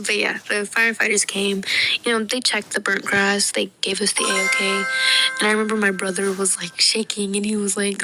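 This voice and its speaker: Lively young woman telling a story. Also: mid-range voice, brisk, background noise. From United States. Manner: lively, jokey, acts out quoted people and drops into whispered asides. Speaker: storytime animator. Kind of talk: animated storytime narration. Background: background music.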